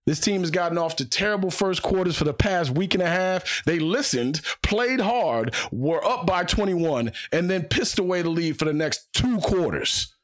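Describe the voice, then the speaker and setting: A man hosting a solo sports podcast, his voice sitting a little higher than most men's. He talks in a fired-up, emphatic way and hammers his points home by repeating phrases. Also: expressive, moderate pace, hardly any pauses.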